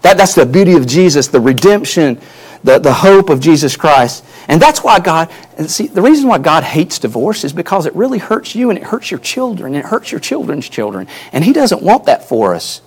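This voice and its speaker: A man's voice: on the high side, very animated, normal speed, slightly rough. A male pastor preaching a sermon earnestly, his emphasis rising and falling, often repeating words as he builds a point.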